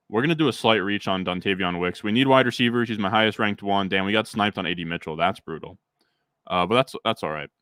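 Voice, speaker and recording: A young man with a fairly low voice streams a fantasy football draft from home, rambling and talking back to his chat. His voice sounds dry and close on a desk mic. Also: a bit bright, dry recording. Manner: rambling, talks to chat, frequent fillers. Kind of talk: casual livestream chat.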